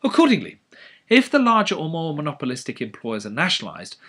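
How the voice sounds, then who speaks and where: A man giving an educational economics lecture, animated and full of sardonic asides. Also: on the high side, quick pace.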